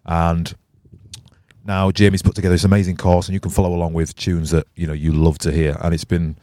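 A man from hosting a casual podcast, chatty and laughing often, his voice a little croaky. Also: low-pitched, level tone, a little fast, warm tone, no echo, studio quality. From England. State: slightly croaky after a night out. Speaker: podcast host. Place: music studio.

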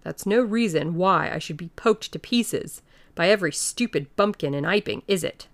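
A woman's voice: fairly low pitch, animated, normal speed, no echo. A woman doing a savage, indignant invisible man. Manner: sharp, scolding.

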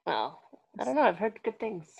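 Gravelly-voiced woman swearing casually. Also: mid-range voice, sing-song, moderate pace, dull audio. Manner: swears freely, teasing. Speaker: podcast co-host. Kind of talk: casual chat. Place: lives in New York City.

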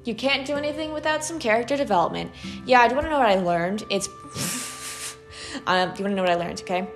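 A young woman with a Valley Girl accent, hosting a student podcast in an animated, chatty way, full of "like" and "okay". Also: fairly high pitch, fairly quick, over music. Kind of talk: casual solo podcast monologue.

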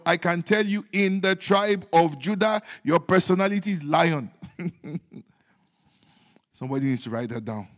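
A man preaching a sermon as pastor, repeating his points emphatically and moving between loud declarations and hushed, joking asides. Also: high-pitched. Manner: humorous asides with chuckles. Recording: long hall reverb.

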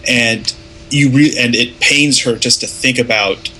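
A man in casual conversation about a movie, talking in an animated way and acting out lines of dialogue. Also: medium pitch, a little slow, soft background music, low-quality recording. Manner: animated, acts out quoted lines. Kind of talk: casual film discussion.

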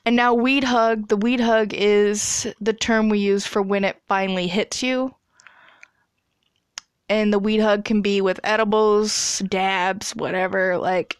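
A woman's voice: mid-range voice, clean tone, no room sound, studio quality. A woman in her twenties casually telling a story, chatty and profane, laughing as she goes. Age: 20s.

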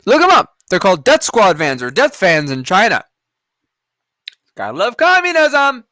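High, bright-voiced man ranting. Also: huge pitch swings, moderate pace, dry recording. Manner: profane, rambling, sarcastic. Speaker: podcast host. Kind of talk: casual news-reaction rant.

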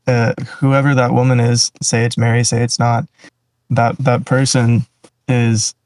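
A man's voice: medium pitch, flat delivery, unhurried, darkish tone, dry recording, low-quality recording. A man in a casual faith conversation, speaking reflectively with restarts and trailing phrases.

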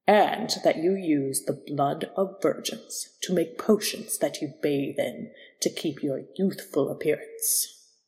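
Woman reading a cheerful cocky young guy, lowish voice, echoey hall. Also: slow, dark tone. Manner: cheerful, self-assured. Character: cocky charming young man.

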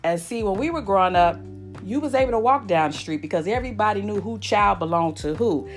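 A woman in her forties hosting a podcast, speaking with deep emotion to her lifelong friends, often repeating herself in a folksy way. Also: animated, fairly quick, faint music behind. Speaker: podcast host. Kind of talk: heartfelt casual chat.

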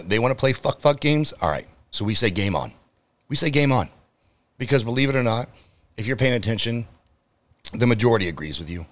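A man's voice: fairly low pitch, a bit bright. A man hosting his own podcast, delivering a heated, profanity-heavy solo rant straight to his listeners. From United States. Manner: direct address to listeners. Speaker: podcast host.

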